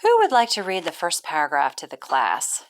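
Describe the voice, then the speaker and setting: A woman voicing a polite but condescending female schoolteacher, speaking crisply and a little louder. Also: on the low side, wildly swooping pitch, moderate pace. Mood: instructing. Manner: crisp classroom instructions, raised voice.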